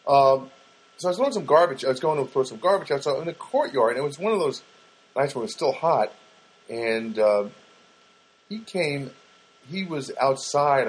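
Speaking in a medium-pitched, slightly rough voice, a man hosts a podcast and chats directly with listeners through a rambling, casual story packed with fillers and restarts. The recording is rough.

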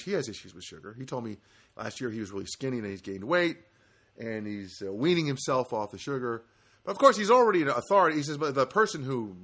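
A man's voice: medium pitch, a bit bright. A middle-aged man hosting his own comedy podcast from a studio apartment, rambling through a story and acting out both sides of a conversation. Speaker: podcast host. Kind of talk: solo comedic podcast monologue.

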